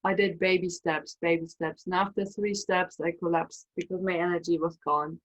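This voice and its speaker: A woman telling a personal story in an emotional, animated way. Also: fairly low pitch, normal speed, rough recording. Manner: emotional, animated, acts out quoted voices. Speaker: spiritual coach and storyteller.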